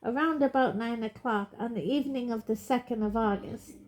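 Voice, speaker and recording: A woman's voice: fairly high pitch, steady tone, a little slow, dark tone, slight background noise, voice pushed up, close to an everyday voice. A woman reading aloud, voicing a nervous, flustered elderly woman with a quavery voice who gabbles her words.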